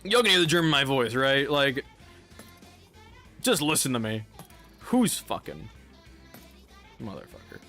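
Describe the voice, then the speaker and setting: A man's voice: mid-range voice, lively intonation, moderate pace, long pauses, bright, forceful tone, soft background music. A young man streaming a game, chatting casually in a rambling, profane way and laughing often. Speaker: live streamer.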